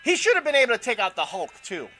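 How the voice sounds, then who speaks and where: A man's voice: very high-pitched, wildly swooping pitch, fast talker, sharp tone, soft background music. A man co-hosting a casual chat show, opinionated and rambling, with lots of fillers. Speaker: co-host.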